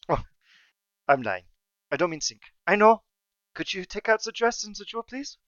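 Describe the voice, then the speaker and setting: A man voicing a towering, imperious female Empress who is a widow, speaking grandly with slow, coaxing and menacing questions, on a dull lo-fi recording. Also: sits high, animated, fairly bright tone, no echo, pitched above the performer's own voice.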